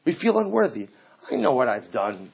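A man delivering an impassioned sermon as a rabbi, building from quiet reflection to fervent, near-shouted pleading. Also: medium pitch, big pitch swings, moderate pace, gravelly, slightly rough.

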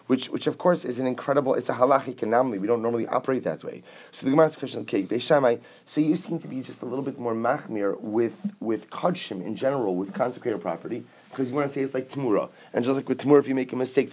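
A man's voice: medium pitch, darkish tone. A man teaching a Talmud class, explaining step by step with rhetorical questions and mixing English with Aramaic and Hebrew quotes.

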